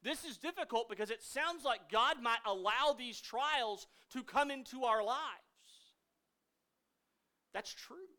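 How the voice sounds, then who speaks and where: A man, a pastor preaching a sermon, swinging from loud emphasis to hushed asides. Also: extremely high pitch, expressive, slow pace.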